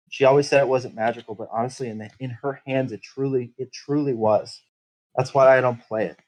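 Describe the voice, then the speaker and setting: A man's voice: medium pitch, a little mellow, rough recording. Profane, bitter man telling a backstory. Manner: profane, bitter, rambling storytelling. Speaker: player in a tabletop game. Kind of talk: in-character backstory narration.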